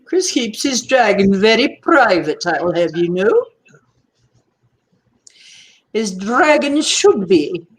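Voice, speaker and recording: A woman's voice: mid-range voice, sing-song, slow pace, long pauses. A woman hosting a casual livestream chat, teasing and laughing often as she talks. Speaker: livestream host.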